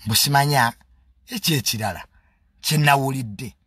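A man's voice: medium pitch, normal speed, sharp tone, husky, no room sound. A man with a Ugandan accent giving a casual, comedic monologue in a mocking, boastful tone and mixing English phrases into his talk.

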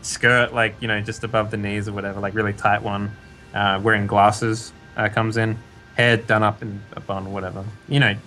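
Male GM, bright voice, rambling "sort of, like" narration, faint music underneath. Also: lowish voice, little pitch movement, moderate pace. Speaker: game master. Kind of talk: narrating a tabletop game.

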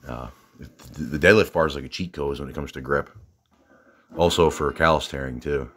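Southern guy, extremely low voice, halting and filler-heavy, chatty gym vlogger. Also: a bit bright. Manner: rambling, halting, lots of fillers and restarts. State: out of breath. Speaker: fitness vlogger. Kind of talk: casual rambling gym vlog.

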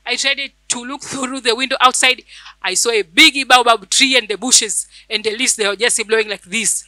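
A woman's voice: on the high side, fairly even intonation, moderate pace, bright, forceful tone, no room sound, poor audio. Fervent woman preaching. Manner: fervent, repeats phrases for emphasis. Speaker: church elder preaching. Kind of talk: sermon with personal testimony.

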